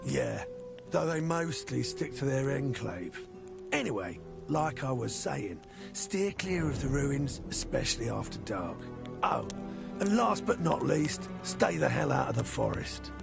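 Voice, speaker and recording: Gravelly cocky convict hunter. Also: male voice, medium pitch, very animated, unhurried, exaggerated voice. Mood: sly. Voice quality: gravelly, slangy. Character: rough cocky male convict hunter, sly. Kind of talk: video game dialogue. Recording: game music behind.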